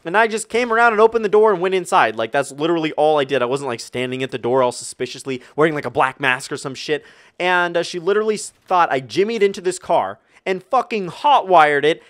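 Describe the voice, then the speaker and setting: A young man vlogging a storytime rant, animated and profane, rambling with lots of fillers. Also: fairly high pitch, quick pace. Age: young adult.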